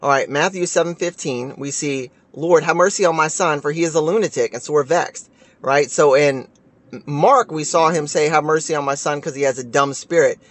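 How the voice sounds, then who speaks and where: A man's voice: a little high, normal speed. Casual man teaching a Bible passage. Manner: informal, keeps asking "right?", reads scripture aloud. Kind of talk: casual Bible study talk.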